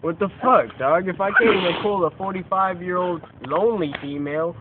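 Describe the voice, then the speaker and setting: A young man, drunk, telling a rambling deadpan story to friends late at night, recorded on a phone outdoors. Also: high-pitched, brisk. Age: young adult. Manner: rambling, deadpan, many "you know what I'm saying". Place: outdoors at night, near a car. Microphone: phone camera. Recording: tinny lo-fi phone video with hiss.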